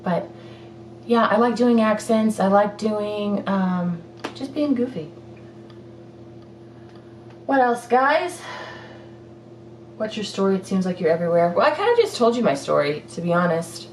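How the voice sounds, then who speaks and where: A young woman, a fitness vlogger, fields viewer questions in a loose, rambling chat packed with fillers and giggles. Her mid-range voice is expressive and slightly mellow, moving at a moderate pace. The mic sits at a distance in an echoey room, with a faint hiss or hum.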